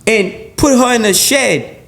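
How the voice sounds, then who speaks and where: High-voiced man, animated and blunt. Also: unhurried, creaky. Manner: animated and repetitive, stacking phrases and restarting; blunt and profane. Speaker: podcast guest. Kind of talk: heated podcast interview.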